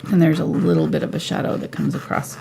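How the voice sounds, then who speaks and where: A woman giving a live painting tutorial at home, relaxed and thinking aloud as she paints. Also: sits low, quick pace, vocal fry, slight background noise. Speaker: painting instructor.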